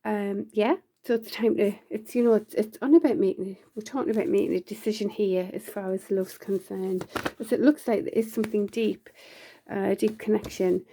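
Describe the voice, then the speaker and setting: A woman's voice: mid-range voice, fairly even intonation, normal speed, dark tone. A woman giving a casual, rambling tarot reading, full of fillers and restarts. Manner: laughs often between lines. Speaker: tarot reader.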